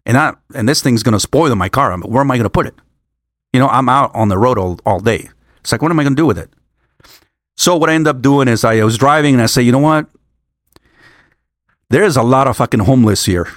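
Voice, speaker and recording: A man's voice: mid-range voice, lively intonation, fast, a bit bright, no room sound, studio quality. An older man on a work trip, talking in a casual, rambling monologue, stumbling over restarts and swearing freely.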